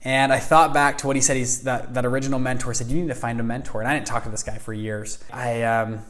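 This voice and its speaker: Young guy telling a story about himself, animated, does little voices for people, average pitch. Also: fast talker. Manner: animated, acts out quoted voices. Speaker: fund founder telling his story. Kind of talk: personal storytelling.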